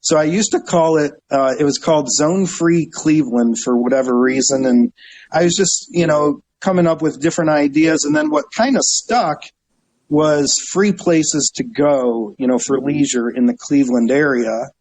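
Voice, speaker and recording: A middle-aged man with a slightly high voice tells stories in a relaxed interview. He acts out the people he describes and laughs often. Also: moderate pace, rough recording. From Northeast Ohio. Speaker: guest, travel website owner. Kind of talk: casual storytelling interview.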